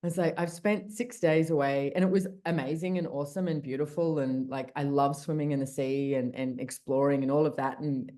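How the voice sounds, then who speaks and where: Low mellow woman on a call, chatty and blunt, swears a bit, lots of restarts. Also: steady tone, fairly quick, few pauses. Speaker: podcast host and guest speaker. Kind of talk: casual call conversation.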